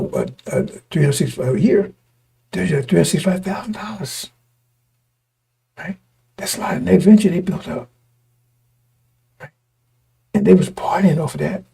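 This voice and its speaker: A male preacher with a gravelly, raspy voice that is wearing hoarse. He talks in stop-start, repeating bursts and keeps throwing rhetorical questions at his congregation. His tone sits dark and mellow, on the high side for a man. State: voice going hoarse. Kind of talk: street-style sermon to a congregation.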